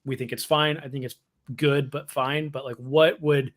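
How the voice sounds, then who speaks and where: A man hosting a live podcast discussion, talking in a rambling, animated way with frequent restarts. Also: mid-range voice, moderate pace. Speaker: podcast host.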